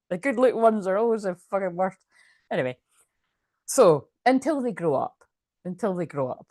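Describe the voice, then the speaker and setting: A woman's voice: fairly low pitch, expressive, brisk, a little mellow, no room sound, studio quality. A woman doing a casual, chatty tarot reading, often laughing as she reads card messages aloud. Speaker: tarot reader.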